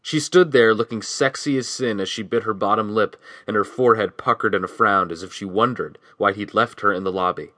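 Man narrating a novel, bright dry voice. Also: lowish voice, a little fast, hardly any pauses, no echo. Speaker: audiobook narrator. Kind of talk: scripted narration.

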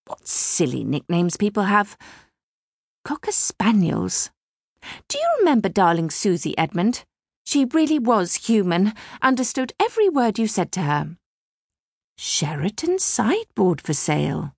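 A woman reads a fussy middle-aged mother who chatters on and gossips. The voice swoops lively and carries a husky, gravelly edge, in a dry close recording. The manner stays prim and scandalised. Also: medium pitch, measured pace, no echo, heavily acted. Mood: gossipy. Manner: prattling, gossipy, easily scandalised. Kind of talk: audiobook character reading.

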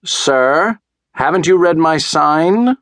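A man's voice: medium pitch, very animated, moderate pace, no room sound, studio quality, pitched above the performer's own voice. A man doing a prim little mouse dentist. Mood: firm. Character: small male mouse dentist, brisk and cautious. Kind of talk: storybook character reading.

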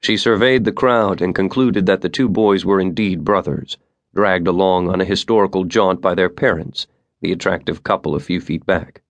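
A man reading an audiobook as narrator, in an even, measured storytelling manner. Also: low-pitched, no echo. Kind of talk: scripted narration.

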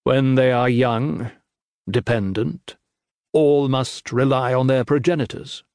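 Measured slow male audiobook narrator. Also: mid-range voice, steady tone, darkish tone, no room sound, clean studio sound. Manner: measured, grave storytelling. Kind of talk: scripted narration.

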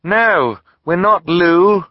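A man's voice: medium pitch, big pitch swings, moderate pace, dry recording, dull audio, voice pushed up, close to an everyday voice. A man voicing a young girl, the eager eldest sibling, speaking earnestly and urgently in a storybook reading.

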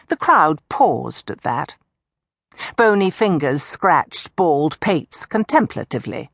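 A woman narrating an audiobook in a measured, expressive way. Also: low-pitched, husky, no room sound, clean studio sound.

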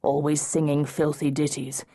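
A woman reading a historical novel aloud in the first person, in a measured, deliberate way. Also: deep voice, flat delivery, warm tone, husky. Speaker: audiobook narrator. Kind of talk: first-person audiobook narration.

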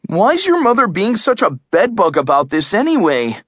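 A man doing a jittery boy, pitched up. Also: huge pitch swings, moderate pace, a bit bright, no room sound, studio quality, full character voice. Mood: fretful. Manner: pleading, anxious. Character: bickering boy, scared and dramatic. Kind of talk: audiobook character voice.

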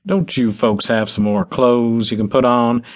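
A male narrator voicing a plainspoken old rural farmer who talks in a slow, folksy drawl. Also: medium pitch, steady tone, close to an everyday voice.

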